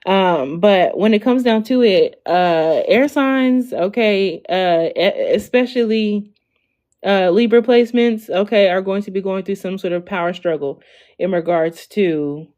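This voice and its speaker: A woman's voice: mid-range voice, a little slow, a little mellow. A woman in her twenties giving a casual tarot reading on a stream, chatty, tagging "okay?" onto her lines. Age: 20s. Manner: chatty, ends lines with "okay?", lots of "like" and "y'all". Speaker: tarot reader.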